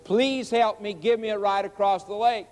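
A man's voice: high-pitched, fairly even intonation, normal speed, a little mellow, in a large hall, close to an everyday voice. A man voicing a sly male scorpion who pleads and argues in a sermon story. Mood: pleading. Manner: pleading and persuasive.

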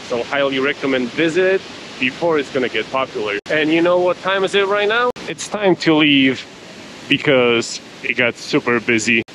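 A man's voice: on the high side, noisy background. Chatty upbeat man vlogging outdoors. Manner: chatty, upbeat, laughs often. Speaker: travel vlogger. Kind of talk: casual vlog narration. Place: outdoor jungle trail near a waterfall.

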